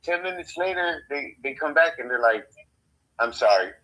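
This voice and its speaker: A man's voice: on the high side, a little fast, bright, forceful tone, poor audio. A man co-hosting a podcast, telling a story in casual, rambling talk full of swearing. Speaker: podcast co-host. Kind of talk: casual conversation.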